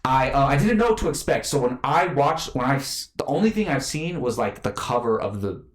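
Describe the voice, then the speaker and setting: A man chatting casually as a podcast co-host, reviewing a film in a rambling, animated way with lots of fillers. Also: medium pitch, brisk, reverberant.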